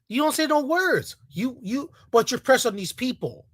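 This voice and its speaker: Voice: sits high, animated, moderate pace, slightly rough, no echo. Angry, profane ranting vlogger, dry sound. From Latino community in the United States. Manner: angry, profane, repetitive rant. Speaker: video creator. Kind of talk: heated ranting commentary.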